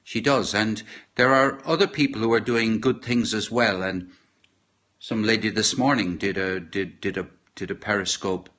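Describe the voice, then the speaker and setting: Rambling Irish man, low voice. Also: fairly even intonation, fairly bright tone. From Ireland. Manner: rambling, halting, with many fillers and restarts. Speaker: podcaster. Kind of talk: casual live-stream chat. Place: home kitchen.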